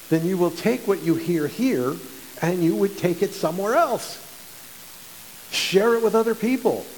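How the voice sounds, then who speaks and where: A man's voice: high-pitched, a little mellow, big-room sound, a little hiss or hum, poor audio. A male pastor preaching a sermon in a conversational way, often repeating and restarting words.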